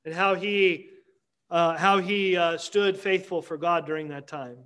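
High-voiced man preaching a sermon. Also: fairly even intonation, a bit bright, smooth. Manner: emphatic preaching with dramatic pauses and repetition. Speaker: pastor.

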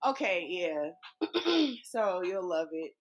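Speaking slowly in a fairly low voice, this American woman co-hosts a casual chat from her East Coast home. She answers the chat in a rambling way and laughs readily.

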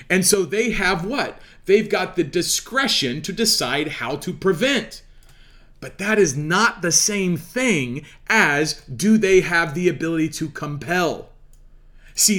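A man's voice: fairly high pitch, a bit bright. A man giving an explanatory talk on law as a commentator, emphatic and lecturing, firing off rhetorical questions. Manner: preachy, lecturing. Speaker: legal commentator.

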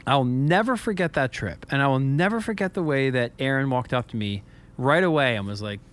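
Earnest, halting man on a podcast. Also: mid-range voice, lively intonation, fairly bright tone, clean tone. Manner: earnest, halting, repeats words. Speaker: podcast co-host. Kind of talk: reflective podcast storytelling.

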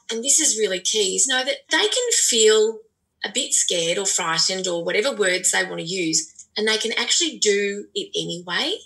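A woman's voice: mid-range voice, bright, forceful tone, low-quality recording. A woman giving parenting advice in an earnest, explanatory way, with lots of "you know" fillers. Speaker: parenting expert guest. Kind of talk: conversational advice.

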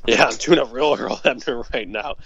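A man's voice: medium pitch, normal speed, a bit bright, slightly rough. Laid-back St. guy, muffled mic. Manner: loose and profane, lots of fillers. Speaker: podcast co-host. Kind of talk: casual chat.

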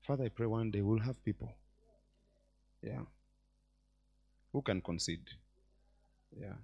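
A man preaching a sermon in church as bishop, swinging between loud exclamations and quiet asides. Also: fairly low pitch, a little slow, vocal fry, breathy edge, highs cut off. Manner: animated preacher, mixes shouts with quiet asides.

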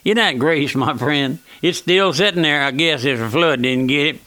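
Bright-voiced folksy man preaching. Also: fairly high pitch, dry recording. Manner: earnest, keeps calling out "my friend", slows down to read scripture; folksy, plain-spoken. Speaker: pastor and radio preacher. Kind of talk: sermon. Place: church auditorium.

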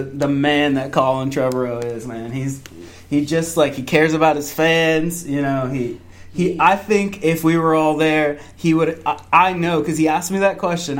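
A young man tells a story with rising excitement, his voice sitting a little high. He slips into higher-pitched quotes of himself and others, laughing through the tale. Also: normal speed. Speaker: fan event organizer. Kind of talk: casual podcast chat.

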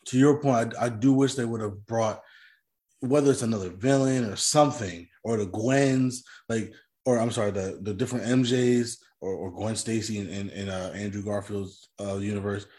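A man co-hosting a casual movie discussion, speaking in a measured, hesitant way, often restarting his phrases. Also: lowish voice, steady tone, darkish tone. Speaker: podcast co-host.

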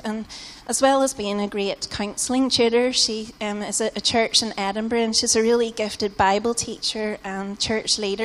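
A British woman preaching a sermon in a casual, conversational way, often saying "like" and "you know". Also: on the high side. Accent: British English. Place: church hall. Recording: long hall reverb in a church.

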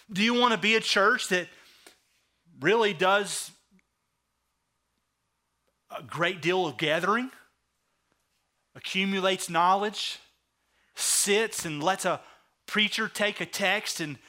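A male pastor preaching a sermon, retelling the story with lively acted-out asides. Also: high-pitched. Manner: animated storytelling, acting out the characters in quick asides.

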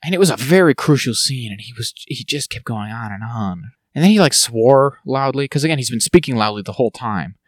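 Animated fast-talking man, dry sound. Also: medium pitch, no echo. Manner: animated storytelling, laughs often. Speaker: podcast co-host. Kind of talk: casual chat.

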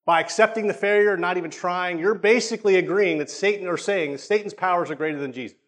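Delivering a sermon in a conversational style, a high-pitched man with a slightly bright tone often checks in with his audience. He repeats words and slows his pace for emphasis.

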